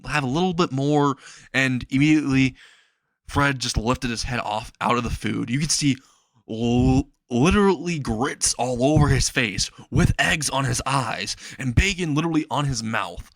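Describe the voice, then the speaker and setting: A young man improvising a fan-made anime story aloud, rambling and restarting as he goes. His voice is mid-pitched and the recording sounds dry and close. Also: moderate pace, no room sound. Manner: rambling, many fillers and restarts, laughs at own story.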